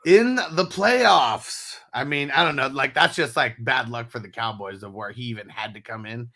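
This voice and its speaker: A man's voice: medium pitch, moderate pace, bright, forceful tone. A man hosting a casual sports chat, telling stories with lots of laughter and fillers. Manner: chatty, laughing storyteller, many fillers. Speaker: host.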